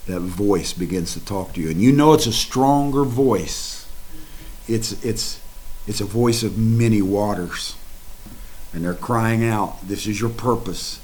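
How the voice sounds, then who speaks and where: A man preaching a sermon in a dramatic, folksy way, swinging from hushed to loud and speaking straight to his listeners. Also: fairly low pitch, slow pace, low-quality recording.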